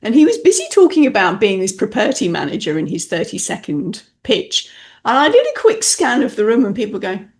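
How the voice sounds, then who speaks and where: Brisk and medium-pitched, this British podcast host, who works as a message clarity specialist, keeps her interview chat casual. She's a playful, animated storyteller.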